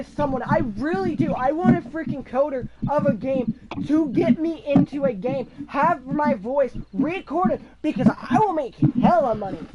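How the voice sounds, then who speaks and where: Hyper, high-voiced rambling woman. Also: lo-fi sound. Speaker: vlogger. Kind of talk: casual rambling vlog. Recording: loud crowd noise behind.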